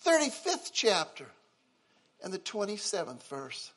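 An older man preaching a sermon, emotional, swinging from loud exclaiming to soft, quiet lines. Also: sits high, wildly swooping pitch, a little slow. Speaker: pastor.

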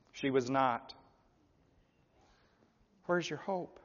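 A man preaching a revival sermon, swinging from loud, pleading appeals to hushed, low endings. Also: lively intonation, unhurried, long pauses. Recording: dull, echoey hall.

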